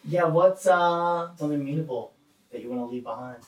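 A man's voice: on the high side, brisk, distant mic. A man hosts a casual podcast, laid-back and mostly chiming in with short remarks. He sits back from the mic, and the room rings with echo. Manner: laid-back, brief interjections. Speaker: podcast host.

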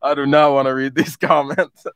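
A man's voice: fairly high pitch, flat delivery, moderate pace, a bit bright. A man hosting a casual podcast, laughing often and swearing as he mocks himself. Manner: laughing, swearing, self-mocking. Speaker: podcast host. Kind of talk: casual chat.

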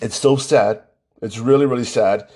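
A man's voice: medium pitch, normal speed, darkish tone, slightly rough. A man giving an indignant political monologue full of rhetorical questions and sarcasm. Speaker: political commentator. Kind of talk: opinionated monologue.

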